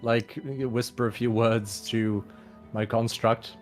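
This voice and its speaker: A low-voiced player in a tabletop game who talks slowly and hesitantly, stopping on "like" and "um". Soft music runs behind. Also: flat delivery. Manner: hesitant, filler-heavy, low and slow. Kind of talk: casual tabletop game play.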